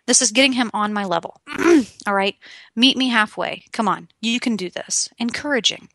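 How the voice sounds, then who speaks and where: A young adult woman talks straight to the listener in a lively, emphatic motivational style. Her voice is bright and forward, and the recording is dry and close. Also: medium pitch, moderate pace, no room sound. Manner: emphatic, animated, addresses the listener directly. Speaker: motivational speaker. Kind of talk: direct-to-camera motivational talk.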